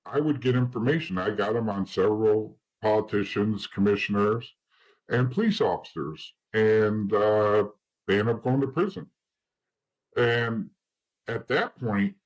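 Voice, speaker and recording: This is a middle-aged man with a New Jersey accent whose low, husky voice carries a blunt, streetwise edge. He swears freely and acts out the people in his story with quoted dialogue. The talk stays casual and unpolished throughout. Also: rough recording. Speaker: interview guest, former informant.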